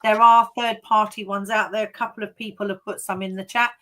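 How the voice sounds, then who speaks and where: A woman's voice: mid-range voice, level tone, a little fast, a bit bright. A woman hosting a casual online panel chat, friendly and chatty. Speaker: host.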